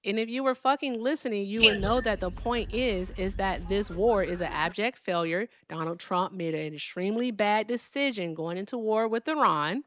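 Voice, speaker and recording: A woman's voice: mid-range voice, normal speed, few pauses, a bit bright. A woman hosting a live call-in debate stream, blunt and profane, brushing callers off.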